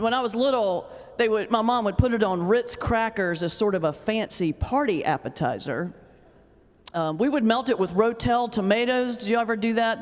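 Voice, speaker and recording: A middle-aged woman, an ordained minister giving a humorous lecture with a joking, teasing storyteller's delivery. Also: a little high. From North Carolina, US South. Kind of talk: humorous lecture with stand-up comedy. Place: large hall before a live audience. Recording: long reverb of a lecture hall.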